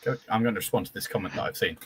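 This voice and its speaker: A man's voice: on the low side, racing, fairly bright tone, husky. A young man chatting casually as a guest on a live stream, with lots of stumbling restarts and enthusiasm.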